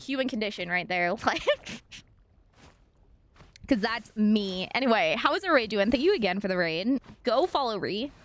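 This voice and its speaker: A woman's voice: mid-range voice, lively intonation. A woman from Washington State with a local accent, chatting and rambling to her viewers on a casual gaming stream. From Washington State, USA. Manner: rambling, chatty, quick asides to chat. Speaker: live streamer.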